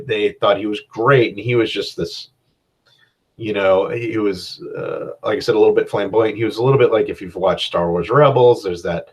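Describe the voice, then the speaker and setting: Low-voiced man rambling on a podcast. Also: rough recording. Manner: rambling and self-deprecating, with many fillers. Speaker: podcast host and game master. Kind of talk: casual solo podcast talk.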